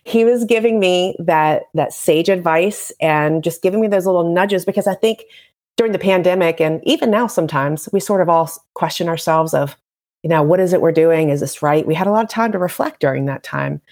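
A woman's voice: fairly low pitch, fairly quick, a little mellow. A woman, a dental hygienist hosting a podcast in an upbeat, emphatic way. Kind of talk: scripted intro then casual interview chat.

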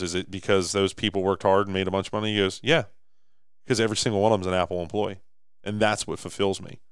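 A man in his thirties co-hosting a podcast, telling stories with lively acted-out quotes. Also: low voice, clear, resonant tone, no echo, studio quality. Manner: animated storyteller, acts out quotes. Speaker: podcast co-host. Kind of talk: casual podcast chat.

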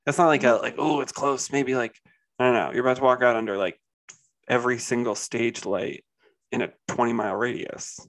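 A man's voice: mid-range voice, steady tone, fairly quick, fairly bright tone. A man co-hosting a casual podcast, rambling with lots of fillers and giving blunt opinions. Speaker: podcast co-host. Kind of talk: casual chat.

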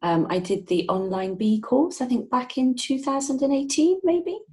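A woman's voice: high voice, normal speed, darkish tone. A woman from southwest England introducing herself on a group video call, with lots of hesitant ums. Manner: hesitant, friendly. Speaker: podcast guest, network member. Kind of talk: casual group chat on a call.

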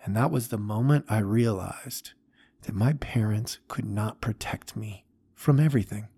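A man voicing a gentle old man who recounts his heartbreaks in a soft, halting, reflective way. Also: lowish voice, husky, full character voice.

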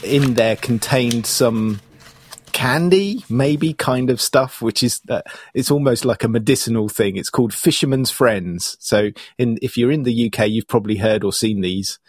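Casting note: husky male co-host, unhurried, jokey, dry close sound. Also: mid-range voice, no echo. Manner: jokey, laughs often. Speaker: podcast co-host. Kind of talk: casual chat.

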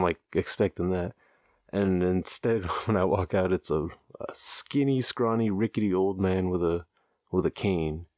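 A man's voice: low-pitched, a little mellow, no room sound, clean studio sound. A man casually telling a rambling, amused anecdote, loose and profane, often chuckling at his own tale. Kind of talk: casual storytelling.

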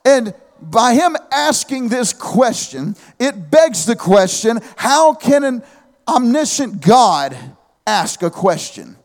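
A man in his thirties, his voice rather high, preaches an animated sermon that blends earnest preaching with humorous asides while calling out amen to his listeners. He takes it slowly, and the sound has a long reverb tail.

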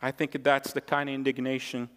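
A man's voice: medium pitch, completely flat delivery, brisk, a bit bright, clean tone. A male pastor delivering a sermon with emphatic, repeated phrases. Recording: long reverb of a large hall.

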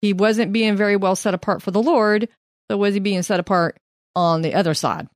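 A woman's voice: mid-range voice, fairly even intonation, fairly quick, no room sound, studio quality. Chatty woman musing over questions. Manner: questioning, wondering aloud, chatty. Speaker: Bible study co-host. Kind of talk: casual Bible study chat.

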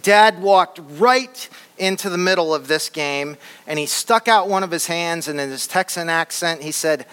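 Animated storytelling man in an echoey hall. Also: on the high side, normal speed, few pauses, smooth. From Flint, Michigan. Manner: animated, humorous, vivid. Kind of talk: personal storytelling to a live audience. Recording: long hall reverb.

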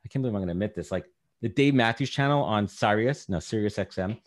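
Brief: low-pitched man, 30s, quick rambling guest talk, candid. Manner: rambling, candid, lots of fillers. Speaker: podcast guest. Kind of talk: casual podcast chat.

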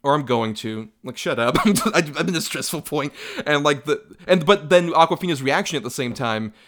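A man talking fast about a film he loves. His words tumble out, packed with fillers, and he breaks into little acted-out quotes from the scenes as he goes. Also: fairly high pitch, animated, fairly bright tone. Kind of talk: casual film discussion.

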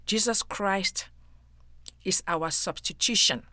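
A woman's voice: medium pitch, expressive, a little slow, a bit bright, no echo. A woman giving an earnest devotional Bible teaching, emphatic and speaking straight to the listener as a friend.

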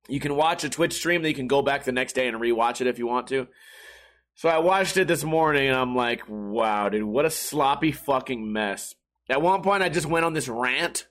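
A man's voice: a little high, a bit bright. A young man, a live streamer, talking in a rambling, profane, self-mocking casual monologue.

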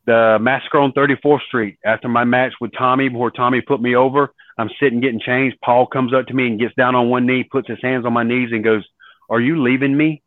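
A man and former wrestler, a podcast guest, telling lively stories and acting out what others said. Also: medium pitch, a little fast, few pauses, no echo. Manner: animated storyteller acting out quoted voices. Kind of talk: storytelling in an interview. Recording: dry tinny phone-like line.

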